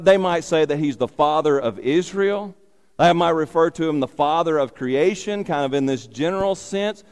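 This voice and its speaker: A male pastor preaching slowly and deliberately, echoing his key phrases and posing rhetorical questions. His voice sits a little above the usual male range. A long reverb trails behind him, as in a church sanctuary. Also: fairly high pitch, darkish tone. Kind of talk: sermon.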